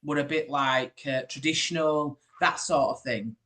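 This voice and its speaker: A man, a spiritual medium chatting in an interview and telling his stories in a lively, rambling way. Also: mid-range voice, measured pace. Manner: chatty, animated storytelling with asides. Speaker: spiritual medium, podcast host. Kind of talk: casual chat.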